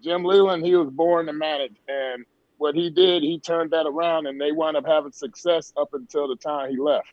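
A man who played pro baseball swaps stories in a casual sports talk. His voice sits a little high and he talks with emphasis. The sound is dry, dull and lo-fi. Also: fairly even intonation, moderate pace, dry recording. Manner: storytelling, emphatic.

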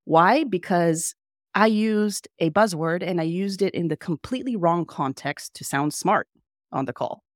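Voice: mid-range voice, measured pace, dry recording, studio quality. Candid tech marketer telling a story. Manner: candid, storytelling with self-deprecating asides. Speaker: tech marketer and podcast co-host. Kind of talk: presentation to marketers.

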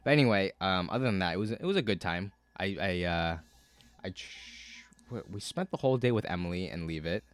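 A man telling a story in casual podcast chat, cursing a lot, with many fillers and animated bursts. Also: deep voice, a little fast, no room sound. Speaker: podcast co-host.

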